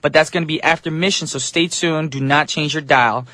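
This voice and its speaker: A man's voice: fairly high pitch, fairly even intonation, brisk, sharp tone, no room sound. A man hosting a radio show as DJ, talking in a casual, upbeat, chatty way with loose fillers, from a studio microphone.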